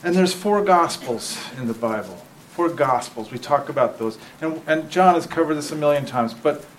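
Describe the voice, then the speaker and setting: A man preaching a sermon in a conversational way, often checking in with the listeners and reading scripture aloud slowly and with feeling. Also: fairly high pitch, lively intonation, a little hiss or hum, poor audio.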